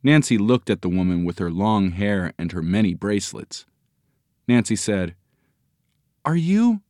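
Male storybook narrator, low voice, dry close mic. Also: normal speed, a little mellow, no echo.

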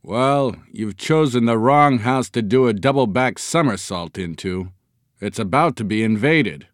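A man's voice: mid-range voice, lively intonation, a little slow, no echo, studio quality, natural voice. A man voicing a suspicious, weary professor father of about thirty in a storybook reading. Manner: suspicious, clipped.

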